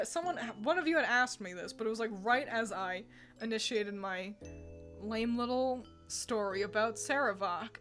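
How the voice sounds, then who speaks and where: A woman's voice: on the high side, normal speed, fairly bright tone, soft background music. Giggly, rambling woman streamer. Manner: rambling and giggly, laughs often between thoughts. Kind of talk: casual livestream chat answering viewers.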